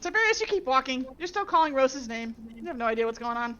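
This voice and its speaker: A woman's voice: high voice, very animated, fast, fairly bright tone, lo-fi sound. A woman running a tabletop game as game master, narrating the scene vividly and laughing often.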